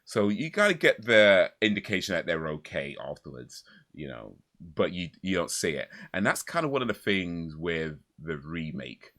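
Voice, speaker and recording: Deep-voiced man in rambling podcast chat. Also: sing-song, fairly bright tone. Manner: rambling, full of "you know" and restarts, quick laughs. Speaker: podcast host.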